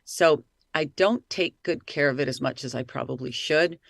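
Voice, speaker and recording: Middle-aged woman, lively and talkative, excitable interview chat, dry close sound. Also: low-pitched, moderate pace, vocal fry, dry recording. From Italy. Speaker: actress, voice-over artist and playwright.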